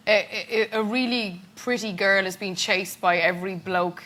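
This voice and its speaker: A woman's voice: medium pitch, steady tone, normal speed, sharp tone. A woman on a comedy panel, chatting expressively and laughing along. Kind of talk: comic banter on a panel. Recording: noisy amateur recording.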